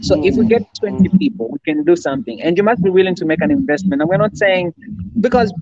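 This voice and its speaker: A male relationship coach speaking as a guest over a video call, his voice a little above average in pitch. He talks earnestly and casually, stumbling and repeating words as he gets going. The sound is dull and lo-fi. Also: expressive, fast talker, darkish tone. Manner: earnest, repeats words when starting sentences. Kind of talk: casual online chat. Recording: dull lo-fi online call audio.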